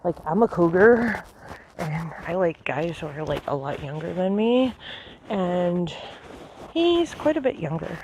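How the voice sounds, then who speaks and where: In a noisy handheld clip recorded outdoors, a woman chats breathlessly while walking a nature trail, amazed and filling gaps with fillers. Her voice is lowish, with big pitch swings and an unhurried delivery.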